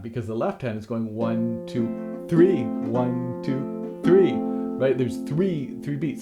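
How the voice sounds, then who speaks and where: A man's voice: medium pitch, gravelly. A man teaching a harp lesson, explaining rhythm and counting the beats aloud as he plays, with frequent restarts.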